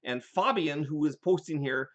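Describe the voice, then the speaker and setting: An older man with a fairly high voice chats casually on a live stream and drifts from topic to topic. He tells his gaming stories with lively energy and often breaks off to restart a sentence. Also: moderate pace, dull audio. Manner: animated storyteller, rambling with restarts. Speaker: game designer hosting a live chat.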